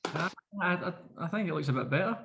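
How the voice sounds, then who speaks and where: Fast-talking Scottish man. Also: on the high side, animated, creaky, a bit bright, slight background noise. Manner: quick, teasing banter. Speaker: podcast co-host. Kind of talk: casual podcast chat.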